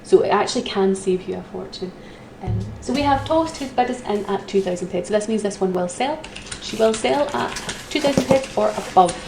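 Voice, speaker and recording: A woman's voice: mid-range voice, brisk, gravelly, hardly any pauses. Chatty woman auctioneer, roomy sound. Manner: chatty, giggly, with frequent ums. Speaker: auction host. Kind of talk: live-streamed auctioneering. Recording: roomy echo with faint noise.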